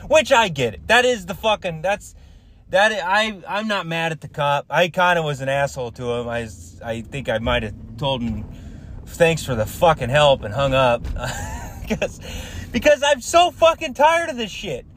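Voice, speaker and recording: A man's voice: a little high, normal speed, a bit bright, a little hiss or hum. A man who works as a contractor, telling a story in a heated, profane rant full of swearing and restarts. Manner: rambling, with many fillers and restarts.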